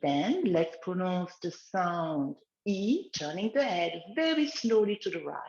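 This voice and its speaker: Slow, gentle woman guiding a relaxation exercise. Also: on the low side, expressive, reverberant, highs cut off, slight background noise. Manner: slow, gentle guiding of breathing and neck movements. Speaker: wellness instructor. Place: outdoors in the countryside, chickens nearby.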